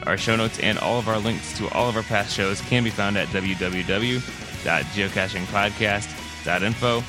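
An American man hosting a podcast, talking in a relaxed way with many fillers and reading out the show's contact details. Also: fairly low pitch, moderate pace, music in the background. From United States. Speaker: podcast host. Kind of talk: casual chat and show outro.

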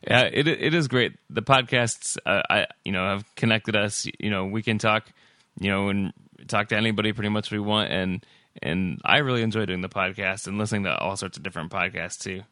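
An American man hosting a podcast, talking in a relaxed way with many fillers and reading out the show's contact details. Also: on the low side, a little fast, dry recording. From United States. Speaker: podcast host. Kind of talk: casual chat and show outro.

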